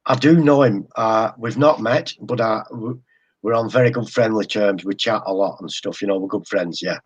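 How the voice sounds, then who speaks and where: A man's voice: lowish voice, moderate pace, husky, lo-fi sound. An English man chatting as a guest about his hobby, hesitant and often repeating words. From England. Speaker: guest model railroader. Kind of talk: casual live-stream chat.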